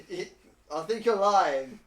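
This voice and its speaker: A man's voice: sits high, animated, slow, echoey room. A man playing a tabletop game, talking bluntly and arguing with the game master. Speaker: player. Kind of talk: casual tabletop role-play.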